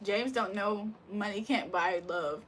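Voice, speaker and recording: A woman's voice: mid-range voice, unhurried, slight background noise. A woman livestreamer in casual chat, teasing and laughing as she answers viewer comments. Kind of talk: casual live-stream chat.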